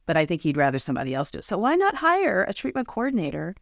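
A woman's voice: fairly low pitch, wildly swooping pitch, fast, gravelly, no room sound, clean studio sound. A woman hosting a dental podcast, chatty and self-deprecating, who laughs easily. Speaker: podcast host, dental treatment planning coach. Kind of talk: podcast interview.

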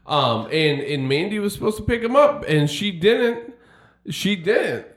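A man's voice: high-pitched, big pitch swings, unhurried, reverberant. A man co-hosting a casual podcast, telling long rambling stories and stumbling over repeated words. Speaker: podcast co-host. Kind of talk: casual chat.

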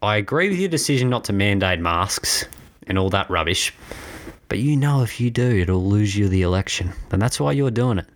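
An Australian-accented man rants on his own political podcast, recorded on his home podcast mic. His fairly low voice moves at normal speed with lively intonation, and he comes across as passionate and blunt, sometimes a bit out of breath.

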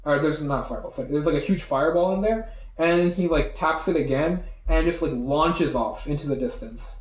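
In an echoey room, a man acts as game master for a tabletop game, speaking briskly in a voice on the high side. His narration rambles and is packed with fillers.

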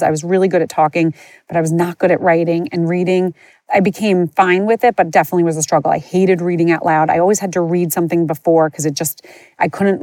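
Woman podcaster, personal storytelling, lowish pitch, rambling candid delivery, dry room. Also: a little mellow, no echo. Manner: candid, rambling, many fillers and restarts. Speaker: podcast host. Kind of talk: personal storytelling, casual chat.

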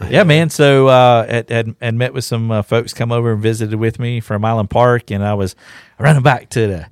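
A man's voice: medium pitch, steady tone, moderate pace, smooth, dry recording, studio quality. Rambling man telling fishing stories. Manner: rambling storyteller with many restarts. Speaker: podcast co-host, fishing guide. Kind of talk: casual chat.

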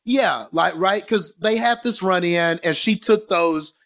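A man, talking through a movie scene in a casual podcast chat, animated and rambling. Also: high voice, unhurried. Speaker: podcast co-host.

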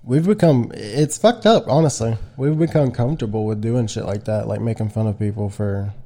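A man's voice: lowish voice, moderate pace, dark tone. A man hosting a casual podcast chat, talking candidly and restarting his sentences often. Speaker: podcast host.

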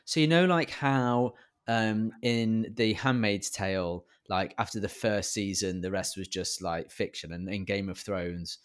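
A man's voice: fairly low pitch, measured pace, clear, resonant tone. Rambling, laughing man. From Britain. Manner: rambling, playful, laughs often. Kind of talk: casual chat.

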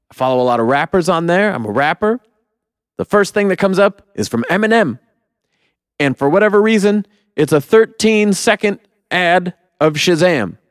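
This young man co-hosts a casual movie review podcast, his voice on the high side. He rants heatedly and profanely, mocking the people he quotes in put-on voices. The recording is dry and studio quality.

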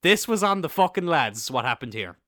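A man's voice: fairly high pitch, brisk, no room sound, clean studio sound. Rambling Irish young man telling a story. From Ireland. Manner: rambling, swears freely, bursts into excited laughter. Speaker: podcast host. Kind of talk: casual storytelling monologue.

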